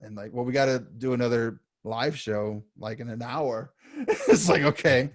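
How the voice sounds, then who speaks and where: Animated man acting out his stories. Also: moderate pace, no echo, clean studio sound. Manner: animated storyteller, acts out quotes with big pitch jumps. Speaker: podcast co-host. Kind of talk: casual podcast chat.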